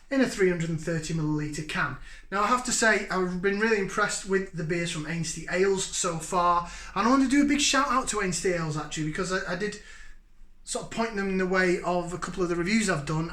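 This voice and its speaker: A man's voice: high voice, bright, forceful tone, reverberant. A man in his forties from Yorkshire, hosting a casual beer review vlog in a chatty, jokey, upbeat way. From Yorkshire, England. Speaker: beer reviewer, channel host.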